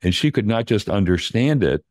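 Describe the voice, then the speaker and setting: An older man, a neuroscience professor, calmly explaining brain science in plain terms during a conversation. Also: lowish voice, normal speed, dry recording, clean studio sound.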